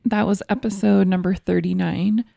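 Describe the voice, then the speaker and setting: A woman's voice: medium pitch, fairly even intonation, moderate pace, creaky, mellow, dry recording, studio quality. A woman co-hosting a casual podcast, talking with a slight lisp. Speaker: podcast co-host. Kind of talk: casual chat.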